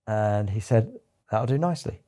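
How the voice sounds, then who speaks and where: A middle-aged company founder from England tells anecdotes in an interview, chatty and storytelling, acting out the voices he quotes. His warm, low-leaning voice has lively intonation and a moderate pace.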